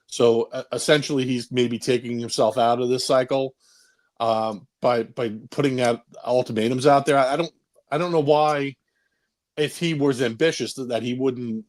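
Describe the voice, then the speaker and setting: A man calling into a live show, chatting casually and hesitantly with many pauses. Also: mid-range voice, fairly even intonation, a little mellow. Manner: rambling, hesitant, lots of uhs. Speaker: caller. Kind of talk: casual call-in chat.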